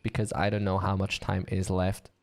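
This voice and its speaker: A man's voice: sits low, completely flat delivery, moderate pace, darkish tone. A man casting a live online game match, chatty and joking with his co-caster and the audience. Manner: chatty, joking, easily amused. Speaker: esports caster.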